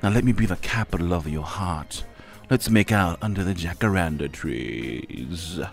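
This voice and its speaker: A man putting on a slow, low, breathy seductive voice as the city of Pretoria courting a lover. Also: expressive, soft background music.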